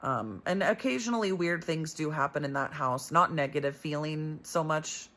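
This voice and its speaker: A woman's voice: deep voice, expressive, moderate pace, a bit bright. Chatty woman telling a spooky story. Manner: chatty, breathless retelling with lots of fillers. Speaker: storyteller host. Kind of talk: casual storytelling.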